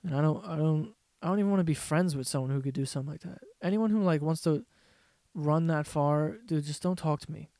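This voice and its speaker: A man's voice: fairly high pitch, brisk, warm tone, dry recording, clean studio sound. A young man rambling through profane, laugh-filled stories as the host of a casual comedy podcast.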